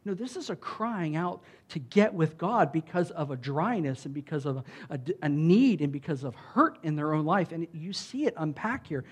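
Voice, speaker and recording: A man giving a sermon as a pastor. He talks in a loose, conversational way, often saying "like" and "right?", and gets loud and emphatic when he reads scripture aloud. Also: fairly high pitch, animated, moderate pace, few pauses, husky. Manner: conversational preaching with frequent "like" and "right?".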